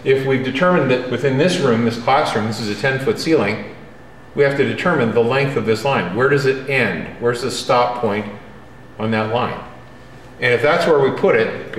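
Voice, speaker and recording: In a classroom lecture, a man teaching drawing speaks directly and emphatically, often checking in with his students. His pitch is medium, and a little hiss or hum accompanies the roomy classroom's faint ambience.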